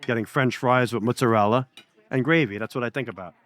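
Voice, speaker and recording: A man's voice: mid-range voice, fast talker. A man, a pizzeria owner telling blunt, profane stories in a casual interview. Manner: blunt, swears freely, animated storyteller.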